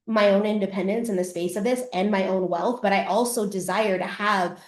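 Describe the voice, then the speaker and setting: A middle-aged woman from Canada hosts a live masterclass and tells her story with blunt, profane candor. She keeps her voice at an ordinary middle pitch. The sound has a roomy echo around it. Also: fairly even intonation, a little fast. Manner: candid, swears freely, acts out past selves. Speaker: podcast host and coach. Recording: echoey room.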